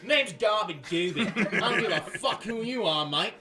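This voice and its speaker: Cocky little aussie dragonborn guy, a dude putting on the accent, loud and crude, higher voice, music behind. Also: animated, moderate pace. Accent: put-on Australian. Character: brash male dragonborn druid, four feet tall.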